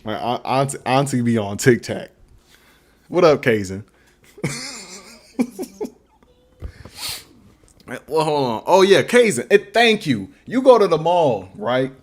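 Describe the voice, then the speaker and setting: A man's voice: medium pitch, big pitch swings, slow pace, pauses often. Laid-back young man rambling on stream. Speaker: beatmaker streamer. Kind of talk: casual livestream Q&A. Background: faint beat playing.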